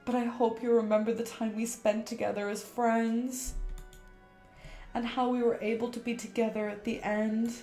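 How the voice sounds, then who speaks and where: A woman voicing a gentle, guilt-ridden teenage girl ghost from a game, in soft, confessional tones. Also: a little high, level tone, moderate pace, roomy sound, faint music behind, natural voice. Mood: sorrowful. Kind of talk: reading game dialogue aloud on stream.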